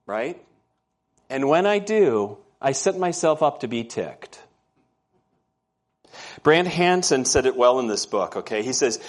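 A man's voice: mid-range voice, big pitch swings, a little slow, pauses often. A man preaching a sermon in church, telling stories and often asking the congregation questions. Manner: storytelling, conversational, asks the congregation questions. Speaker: pastor.

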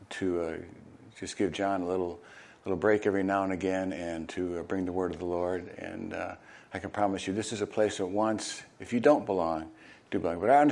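An older man, a retired pastor, preaching a conversational sermon with halting fillers and bursts of animated storytelling. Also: deep voice. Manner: conversational, halting with fillers, animated when acting out crowd reactions.

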